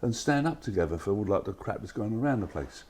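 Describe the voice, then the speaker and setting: A man's voice: on the low side, expressive, fast talker, a little mellow. An older man with a Cockney accent, speaking as a guest in passionate, emphatic and down-to-earth chat in a live studio. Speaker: festival organiser guest. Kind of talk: passionate talk-show chat.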